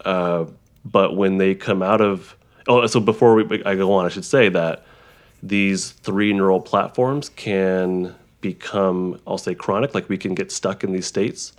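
A man who works as a therapist, explaining ideas in a halting conversational way, with frequent restarts and examples. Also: low-pitched, steady tone. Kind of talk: conversational interview.

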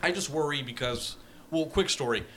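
A man in casual podcast chat, halting with fillers and quick to swear. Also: a little high, a bit bright, slight background noise. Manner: halting, laughs easily, swears.

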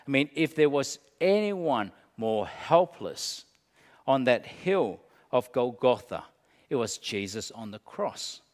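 A man preaching as a pastor, slow and dramatic, dropping to a hush and then rising. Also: mid-range voice, sing-song, in a large hall. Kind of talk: sermon.

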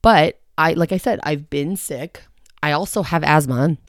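A woman hosting a casual solo podcast from a quiet home, chatting in a rambling, self-mocking way and sounding slightly short of breath. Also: sits low, measured pace, no echo, studio quality. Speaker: podcast host. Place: quiet home in the early morning.

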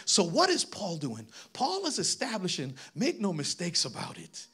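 A man preaching a sermon, reading scripture aloud and urging the congregation on, building to shouts. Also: high voice, huge pitch swings, moderate pace, few pauses, breathy edge. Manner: reads scripture aloud, asks congregation to read on, rising to shouts.

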